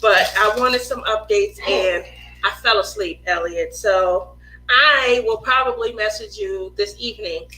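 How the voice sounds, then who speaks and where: A middle-aged woman, guest on a casual live-stream chat, joking and laughing with an animated manner. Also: mid-range voice, a little slow, soft background music, low-quality recording.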